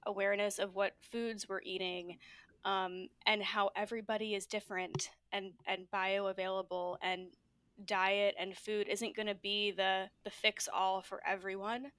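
A woman's voice: medium pitch, level tone, measured pace, fairly bright tone, no echo. A woman hosting a podcast interview, chatting casually and encouragingly with plenty of fillers. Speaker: podcast host.

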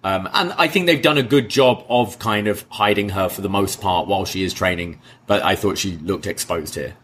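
A man's voice: deep voice, moderate pace, fairly bright tone, a little hiss or hum. A young man co-hosting a wrestling review podcast, talking loosely with lots of fillers. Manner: loose, filler-heavy, hedging. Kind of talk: casual chat.

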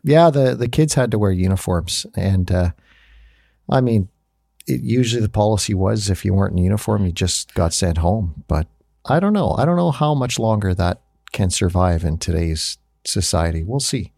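A man co-hosting a casual music podcast, telling animated stories and laughing often. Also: on the low side, normal speed, gravelly, no room sound, studio quality. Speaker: podcast co-host. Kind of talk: casual chat.

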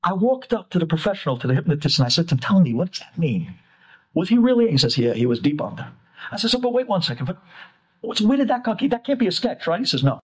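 Lively husky-voiced rabbi telling a story. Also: male voice, sits high, fast talker. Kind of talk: animated storytelling talk.

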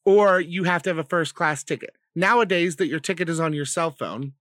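A young man co-hosting a podcast, telling a profane, animated story in casual chat. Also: a little high, a little fast, no echo, studio quality. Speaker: podcast co-host.

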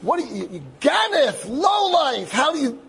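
A man's voice: very high-pitched, sing-song, a little slow, gravelly, fairly bright tone, slight background noise, voice pushed up, exaggerated voice. A man voicing a furious man who screams accusations of theft at a stranger. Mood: furious shouting.

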